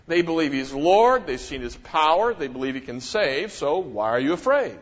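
Animated preacher in an echoey hall. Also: male voice, a little high, moderate pace. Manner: animated preaching, many rhetorical questions, sudden emphasis. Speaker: pastor. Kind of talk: sermon. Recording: dull, echoey church hall.

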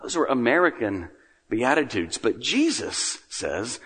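A man preaching a sermon as pastor, earnest, lifting his voice for emphasis and then dropping to a hush. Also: medium pitch, lively intonation, moderate pace. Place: church sanctuary. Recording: long reverb of a large room.

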